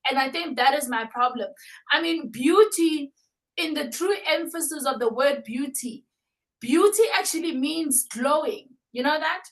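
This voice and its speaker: A woman guest with a high voice speaks with passionate, sermon-like conviction. She builds her points through repetition and emphatic declarations. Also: a little slow. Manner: passionate, preacher-like, repeats "and therefore". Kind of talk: interview conversation.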